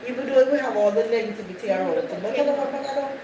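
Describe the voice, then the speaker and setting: Hosting a livestream, a Jamaican woman chats casually with her viewers, greets them by name, and keeps circling back over her points. Her slightly high voice moves fast and is recorded from a distance, off-mic, with echo and steady background noise.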